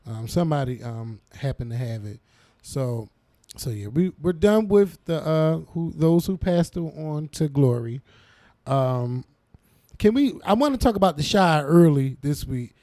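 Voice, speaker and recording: A man co-hosting a casual chat about TV shows and celebrity news, animated and profane, laughing often and quoting others. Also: fairly high pitch, measured pace, dry recording, clean studio sound. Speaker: podcast co-host.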